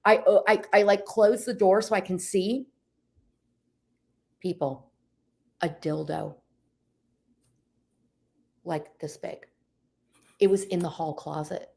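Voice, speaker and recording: A woman's voice: lowish voice, slow pace, vocal fry, long pauses. A woman in her forties, a realtor co-hosting a podcast, telling a story in casual chat and calling out to listeners. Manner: animated, addresses listeners as "people". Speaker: podcast co-host.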